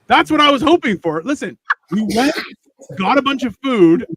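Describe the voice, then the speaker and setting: A man's voice: very high voice, very animated, normal speed, a bit bright, breathy edge, dry recording. A man co-hosting a casual podcast, telling a story in a rambling, profane way with many restarts. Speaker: podcast co-host.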